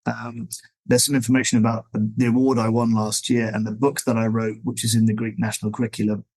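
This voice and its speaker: A man's voice: lowish voice, little pitch movement, quick pace, a little mellow, low-quality recording. Easygoing man explaining at length. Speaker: guest, dog trainer. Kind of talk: conversational interview.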